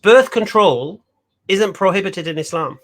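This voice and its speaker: A man's voice: sits high, animated, measured pace. A man hosting a casual conversation, chatty and repetitive, laughing often. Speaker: host.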